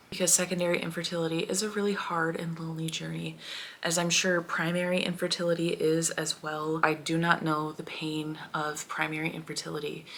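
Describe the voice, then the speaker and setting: A woman in her thirties talking in a heartfelt personal vlog, soft and emotional, with a prayerful tone. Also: low-pitched, a little hiss or hum. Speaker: homeschooling mom vlogger.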